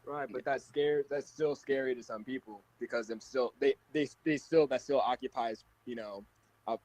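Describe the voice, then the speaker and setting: A young man talks on a group call in a husky, slightly rough voice of medium pitch. He jokes in a loose, hesitant way and often restarts his sentences. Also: normal speed, a little mellow, poor audio. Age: young adult. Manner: hesitant, joking, with many restarts. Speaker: guest on a call. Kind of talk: casual group chat. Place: online video call.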